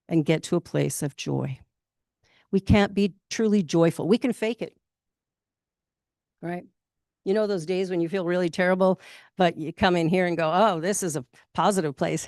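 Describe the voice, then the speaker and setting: A Canadian woman minister giving a casual, candid spoken sermon, chatty and quick to laugh. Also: lowish voice, darkish tone, no echo, clean studio sound. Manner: chatty and candid, laughs often, acts out quotes. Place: spiritual centre in Toronto.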